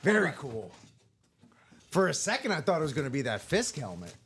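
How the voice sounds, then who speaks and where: A man's voice: fairly high pitch, big pitch swings, brisk, fairly bright tone, a little hiss or hum. A man co-hosting a live card-break stream, playful and joking. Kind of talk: casual live-stream chat.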